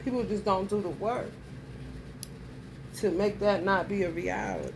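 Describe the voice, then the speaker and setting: A woman with a mid-range voice and vocal fry talks at a moderate pace straight to her viewers in a blunt, heated rant, swearing freely as she works through her story. This vlogger's casual monologue to camera has a faint hiss beneath it.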